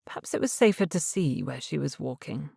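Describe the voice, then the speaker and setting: A low-voiced woman narrates a novel as an audiobook reader, giving a measured, even, scripted delivery. Her voice has vocal fry and a slight roughness, and the recording is clean studio sound with no room ambience.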